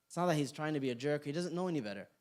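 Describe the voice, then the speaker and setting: A man's voice: fairly high pitch, rapid-fire. A young man leads an evening class with a slightly raised voice. He talks loosely and jokes a lot. He keeps tossing questions out to the room. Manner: animated, joking, questions the room. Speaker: class instructor. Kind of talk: interactive class talk. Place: community center classroom.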